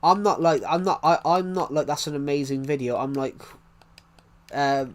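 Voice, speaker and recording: A man's voice: on the high side, steady tone, moderate pace. A young man with a blocked nose, chatting casually on a live stream, rambling, restarting his sentences and swearing.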